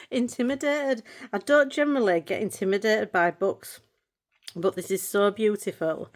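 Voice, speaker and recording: A woman's voice: mid-range voice, lively intonation, normal speed. A middle-aged woman chatting casually about her colouring books. She gets emotional easily and laughs a lot. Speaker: colouring channel vlogger. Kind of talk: casual chat showing books.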